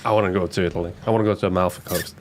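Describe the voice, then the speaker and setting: Blunt, low-voiced young man. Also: fairly even intonation, rapid-fire, a little hiss or hum. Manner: blunt, swears a lot. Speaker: podcast co-host. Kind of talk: casual chat.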